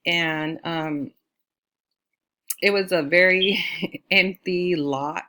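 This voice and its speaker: A woman's voice: fairly even intonation, drawn-out words, pushed and bright. A woman from California, an astrologer, telling a personal story in a loose, chatty way, full of fillers and acted-out quotes. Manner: chatty, with many fillers like "you know"; acts out quoted lines in a higher voice.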